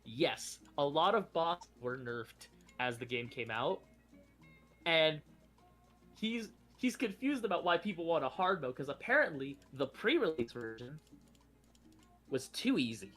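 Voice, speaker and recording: A man's voice: on the high side, lively intonation, a little slow, fairly bright tone, soft background music. A man chatting casually as a streamer, rambling and correcting himself, with frequent laughs. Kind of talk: casual chat.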